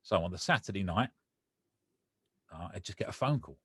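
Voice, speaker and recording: A man's voice: deep voice, moderate pace, breathy edge, dry recording, studio quality. A man, a podcast guest, telling a personal story with feeling and acting out the conversations he recalls. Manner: emotional, animated retelling with quoted dialogue.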